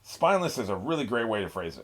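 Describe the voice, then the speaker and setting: Man, low husky voice, lively swooping pitch, laid-back rambling reaction chat, laughs a lot. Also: quick pace. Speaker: anime reaction host. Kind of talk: casual reaction commentary.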